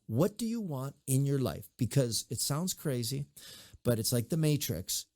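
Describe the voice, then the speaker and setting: Middle-aged male guest, mid-pitch, animated raconteur, dry studio sound. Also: moderate pace, no echo. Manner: animated storyteller, acts out quoted voices. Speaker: mayor, interview guest. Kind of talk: conversational interview advice and storytelling.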